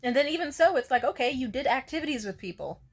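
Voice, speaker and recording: A woman's voice: high voice, animated, quick pace. A young woman telling a story to camera in a blunt, profane, casual way, often laughing. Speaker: vlogger.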